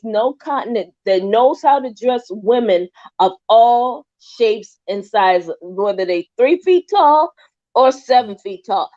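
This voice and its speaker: Animated, emphatic woman. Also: on the high side, slow pace. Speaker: guest. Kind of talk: casual podcast chat. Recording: dull lo-fi audio.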